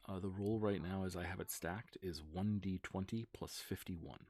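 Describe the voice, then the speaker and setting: Deep-voiced man running a tabletop game. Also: darkish tone, no room sound. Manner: quick rules talk, slower dramatic narration. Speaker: game master.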